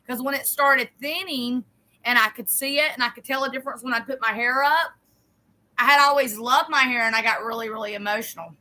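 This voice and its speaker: A woman's voice: high voice, quick pace, bright, forceful tone. A middle-aged woman, chatting casually and rambling as she decorates a planner for her vlog. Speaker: vlogger.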